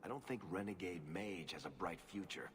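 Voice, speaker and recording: A man's voice: sits low, lively intonation, moderate pace, in a large hall, a little hiss or hum. An actor voicing a sardonic male rogue who teases in a dry way. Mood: teasing. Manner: dry, teasing.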